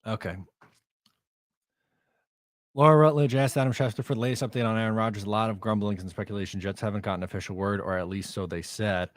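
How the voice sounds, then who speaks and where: A man hosting a live stream, chatting casually and bluntly, excitable and a bit out of breath. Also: fairly low pitch, fast talker, dry recording. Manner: excitable, blunt, reacts to chat.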